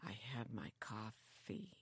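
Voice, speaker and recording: An older woman mimics a hulking, mild old man whose voice is almost all breath. He mumbles each word slowly and low, in a gravelly hush. The sound is dry and close. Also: fairly even intonation, dry recording, full character voice. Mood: mumbling. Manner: slow, very quiet breathy whisper. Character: soft-spoken big older man, slow and mumbling.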